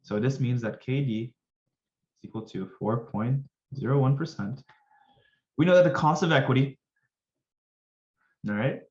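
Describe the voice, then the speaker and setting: A man's voice: mid-range voice, darkish tone, roomy sound, highs cut off. A man tutoring finance in a casual, upbeat way, chatting to viewers with jokey asides. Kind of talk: casual screen-recorded lesson.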